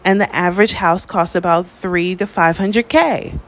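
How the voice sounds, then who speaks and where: An American woman delivering a spoken opinion monologue, emphatic, with her pitch rising on key points. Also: moderate pace. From United States.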